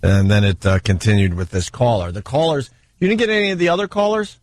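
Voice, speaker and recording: A man's voice: medium pitch, fast talker. A man hosting a radio show in casual banter, dry and amused. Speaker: radio host.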